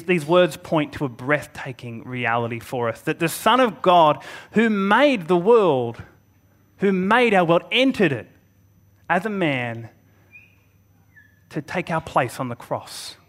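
A man's voice: fairly high pitch, expressive, fairly bright tone. Earnest man preaching a sermon. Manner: earnest, with emphatic pauses and occasional restarts. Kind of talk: Good Friday sermon.

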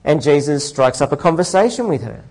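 A man preaching a sermon in a relaxed, conversational way, leading a prayer and explaining a Bible passage. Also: fairly high pitch, brisk, poor audio. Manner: conversational, frequent fillers and restarts.

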